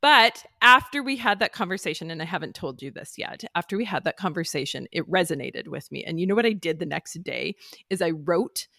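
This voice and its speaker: A woman's voice: on the low side, lively intonation, a little fast, gravelly, dry recording, studio quality. A woman who owns a business, chatting casually, self-deprecating and laughing as she talks. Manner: warm, self-deprecating, laughs while talking. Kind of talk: casual conversation.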